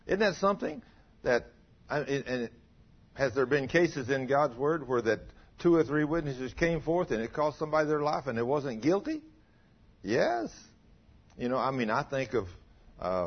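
A man's voice: very animated, moderate pace, husky. A man preaching a sermon in a folksy way, asking the listeners rhetorical questions and telling stories. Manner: folksy, rhetorical tag questions, dramatic pitch swings. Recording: dull lo-fi recording.

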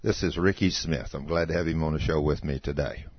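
A man's voice: very deep voice, brisk, husky, dry recording. A man hosting a talk show, introducing his guest unhurriedly with many "uh" fillers. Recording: dull, muffled sound.

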